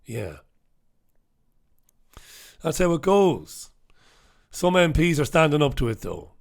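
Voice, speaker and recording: A man's voice: fairly high pitch, a bit bright. A man from Ireland, hosting a live newspaper review in a brash, sarcastic manner, swearing freely and greeting viewers from the chat. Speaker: host.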